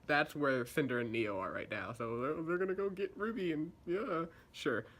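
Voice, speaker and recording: A man's voice: a little high, normal speed, a bit bright. A young man recapping and reviewing a show episode in a casual, sarcastic, chatty way, slipping into voices for quotes.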